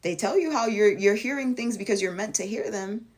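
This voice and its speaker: A woman's voice: a little fast, a little mellow. A woman talking to her viewers in a casual spoken monologue as a vlogger and life coach, blunt and emphatic, swearing freely and acting out quoted voices. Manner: acts out quoted voices with big jumps in pitch.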